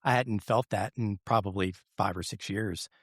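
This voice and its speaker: A man's voice: on the low side, fairly even intonation, moderate pace, a bit bright, breathy edge, dry recording. Male interview guest, candid and reflective, dry close recording. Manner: candid, reflective, rambling storyteller. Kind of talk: casual interview chat.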